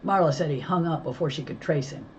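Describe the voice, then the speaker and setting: Woman reading a calm male detective. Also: sits low, dull audio, a little hiss or hum, close to an everyday voice. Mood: businesslike. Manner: calm, measured, businesslike. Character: steady male police detective.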